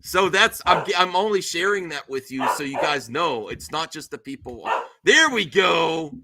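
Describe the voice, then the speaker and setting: A middle-aged man hosting a casual podcast chat. He tells stories animatedly and slips into high squeals when mimicking others. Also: very animated, normal speed, pushed and bright. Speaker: show host.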